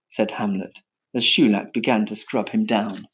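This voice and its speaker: A man narrating a children's story in an expressive reading. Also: fairly low pitch, normal speed.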